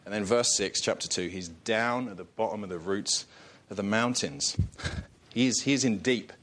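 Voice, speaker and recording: A man's voice: lowish voice, normal speed, a bit bright. A man preaching a sermon in a conversational way, joking and chuckling between points and asking the listeners rhetorical questions.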